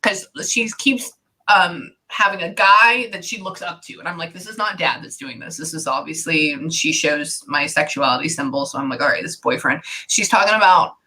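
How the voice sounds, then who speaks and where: A woman's voice: low voice, normal speed, bright, forceful tone, breathy edge. A woman working as a psychic medium, giving a casual spirit reading and rambling with lots of "like". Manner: rambling, heavy use of "like".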